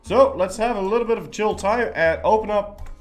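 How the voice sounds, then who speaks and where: A man's voice: sits high, normal speed, faint music behind. A young man casually chatting while live-streaming a strategy game, rambling and joking and swearing freely.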